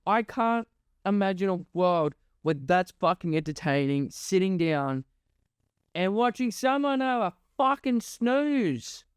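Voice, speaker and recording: A man's voice: high voice, animated, slow pace, clean tone, no room sound, clean studio sound. A young man, ranting sarcastically and swearing constantly on his podcast. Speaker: podcast host. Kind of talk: ranting monologue.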